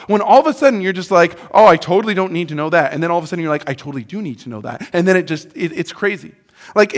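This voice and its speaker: A man's voice: high voice, fairly bright tone. A young man preaching a casual, jokey sermon, chatty and acting out quotes. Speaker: pastor. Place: church hall. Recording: long hall reverb.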